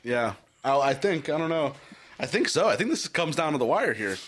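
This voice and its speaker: An excitable man plays a casual quiz game with his friends and laughs a lot. His voice sits a little high and swings widely in pitch. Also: brisk. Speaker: game contestant.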